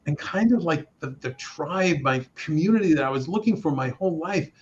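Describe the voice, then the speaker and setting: A middle-aged man, a radio network producer and host, telling his story in a casual interview, animated and acting out the voices he quotes, with many restarts. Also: a little high, fairly quick. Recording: slightly dull lo-fi sound.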